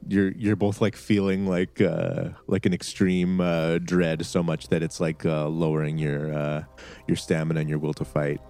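A man's voice: low voice, little pitch movement, moderate pace, mellow. A man running a tabletop game as game master, rambling with many fillers and laughing often.

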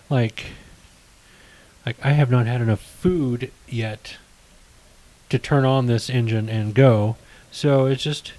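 A medium-pitched, slightly mellow voice belongs to a middle-aged co-host on a casual podcast, who tells meandering stories and corrects himself along the way. The recording is rough.

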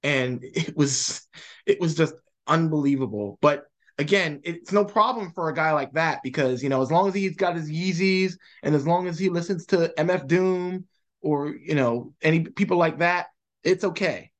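A man on a sports podcast speaks in halting, rambling bursts and adds wry jabs. His voice runs a bit higher than most men's. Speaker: podcast co-host. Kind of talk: casual sports talk.

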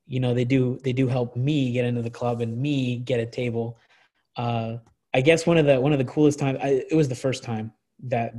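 A young man in his twenties chatting as a guest, telling wild stories in a loose, rambling way full of restarts and fillers. His voice sits at an ordinary pitch for a man. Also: dark tone. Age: 20s. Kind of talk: casual storytelling chat.

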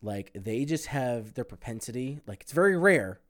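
A man's voice: medium pitch, animated, moderate pace. A young man co-hosting a podcast, talking bluntly in casual chat and ranting with lots of swearing. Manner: blunt, profane, exaggerated rants. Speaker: podcast co-host.

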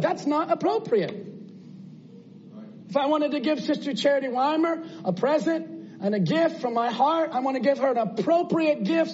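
A man's voice: extremely high pitch, darkish tone, highs cut off, a little hiss or hum. A man preaching a sermon in an earnest, conversational way, asking his listeners rhetorical questions.

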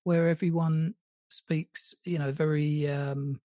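Relaxed English man, received pronunciation. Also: on the high side, slow pace, no room sound. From England. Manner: laughs often, plays with accents. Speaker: podcast host. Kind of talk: casual conversation.

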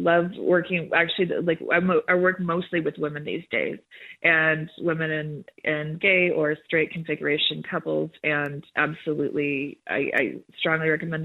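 A woman in her thirties, an educator, is a guest in a phone interview over a tinny line. Her voice sits low with little pitch movement, at a moderate pace, and she explains things frankly and upbeat.

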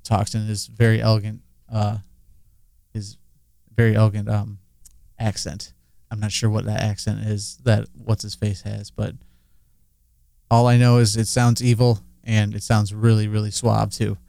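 A man co-hosting a casual talk show with a smooth, clean voice. He rambles excitedly, full of fillers and quick asides. The sound is dry and close to the mic. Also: on the low side, no room sound. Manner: animated, filler-heavy, laughs often. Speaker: podcast co-host. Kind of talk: casual chat.

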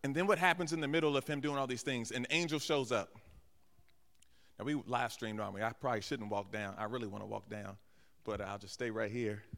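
A man's voice: medium pitch, a little fast, creaky, a bit bright. A man, a guest pastor, preaching a sermon in a church, acting out little asides and calling out to the congregation. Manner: preaching with acted-out asides and call-outs to the congregation. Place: large church sanctuary. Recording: long hall reverb.

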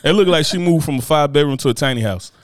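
Profane, fast-talking man ranting. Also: a little high, no room sound, studio quality. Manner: profane, animated ranting with mocking voices. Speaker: podcast co-host. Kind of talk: casual chat, comic storytelling.

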